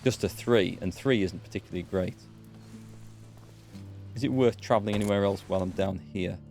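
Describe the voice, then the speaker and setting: A man's voice: lowish voice, fairly quick, vocal fry, a little mellow, soft background music. A man chatting casually with wry asides while playing a video game as a let's play host. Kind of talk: casual gameplay commentary.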